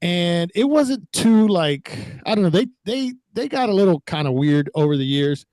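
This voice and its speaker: A man from Texas, a guest on a video call, telling stories in a profane, animated way. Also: high-pitched, normal speed, dry recording. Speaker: guest, former record label owner. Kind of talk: casual chat on a video call.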